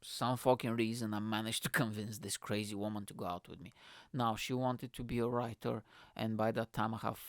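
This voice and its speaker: A man's voice: on the low side, fairly even intonation, brisk, fairly bright tone, dry recording, studio quality. A young man who hosts a podcast, telling a story in a casual ranting way, swearing a lot and laughing at himself. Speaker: podcast host.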